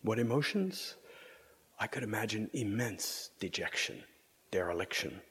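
A man preaching a meditative reflection at a vigil, speaking in a measured, contemplative way and sometimes dropping to a whisper. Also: on the low side, expressive, fairly bright tone, slightly rough, long reverb tail. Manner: measured, contemplative, drops to whispers for inner thoughts. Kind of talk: slow meditative sermon.

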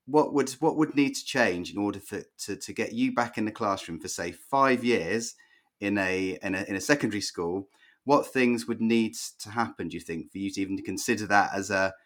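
Male podcast host, low voice, meandering questioner with lots of restarts. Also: moderate pace, a bit bright. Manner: rambling, hedging questions. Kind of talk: conversational podcast interview.

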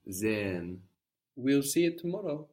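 A man's voice: lowish voice, a little slow, darkish tone, far from the mic. A man teaching an audio language lesson, patiently prompting a student and repeating the answers.

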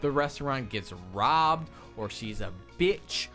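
A man trading brash, crude, deadpan jokes in an improvised comedy bit. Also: mid-range voice, takes it slowly, soft background music. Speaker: comedy sketch performer.

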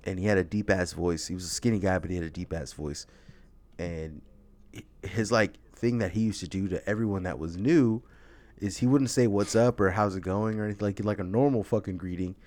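A man's voice: deep voice, a little fast, a little mellow. A young man hosting a podcast, telling rambling stories in casual chat, laughing often and swearing freely. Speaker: podcast host.

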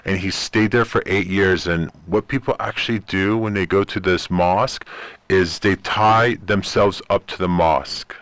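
A fairly low-voiced man, a native Persian speaker, tells stories as an interview guest. He talks in an animated way and acts out the people he quotes. The sound is dry and close. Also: normal speed, dry recording. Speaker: ministry guest. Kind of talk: interview storytelling.

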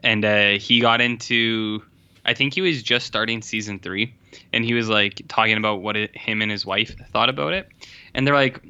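A man's voice: fairly low pitch, moderate pace, bright, forceful tone, clear, resonant tone. A man co-hosting a podcast in casual chat, loose and swearing freely, acting out the lines of people in his stories. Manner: loose, swears freely, acts out quoted dialogue. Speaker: podcast co-host. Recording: slightly dull, lo-fi sound.

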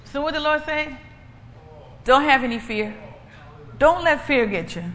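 A woman's voice: high-pitched, unhurried, fairly bright tone. A woman preaching and giving a personal testimony in an emphatic, repetitive, conversational way. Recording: echoey hall, faint ambient noise.

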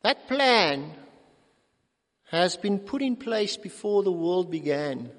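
A middle-aged male pastor preaching a sermon, animated, acting out quotes with big swings in loudness. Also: sits high, slow pace. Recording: long reverb of a large hall.

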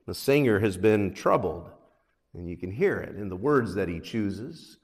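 A man's voice: lively intonation, a little slow. A man preaching a sermon as pastor, earnest, lifting his voice when he reads scripture. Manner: earnest, rises in pitch and force on scripture readings. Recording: long hall reverb.

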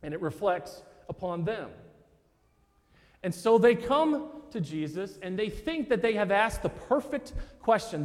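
A man's voice: high voice, darkish tone, in a large hall. A male pastor preaching a sermon in a church, explaining a gospel text in a conversational way and talking to his listeners directly as "guys". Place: church sanctuary.

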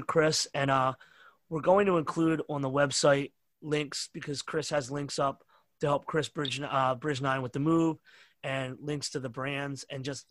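A man's voice: mid-range voice, fairly bright tone, dry recording. A man hosting a casual podcast, talking earnestly and appreciatively, rambling a little with fillers. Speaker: podcast host. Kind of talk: casual interview podcast wrap-up.

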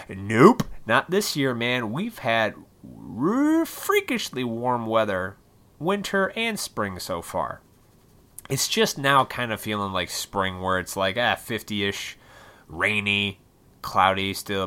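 A man in his thirties from Illinois hosts his own podcast and rambles through a casual, profane rant. His voice is bright and forward, and his pitch leaps around animatedly, rising into sudden loud bursts. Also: takes it slowly. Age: 30s. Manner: profane, rambling, swings into loud excited outbursts. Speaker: podcast host.

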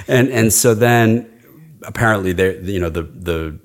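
Middle-aged male dialect coach, very low voice, chatty and rambling. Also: expressive, normal speed. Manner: enthusiastic, rambling, demonstrates sounds. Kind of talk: casual interview chat.

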